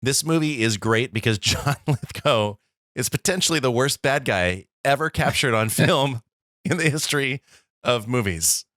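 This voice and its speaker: A man's voice: mid-range voice, lively intonation, normal speed, a bit bright, no room sound, studio quality. A man co-hosting a movie podcast, chatting enthusiastically and laughing often. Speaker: podcast co-host. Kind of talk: casual movie chat.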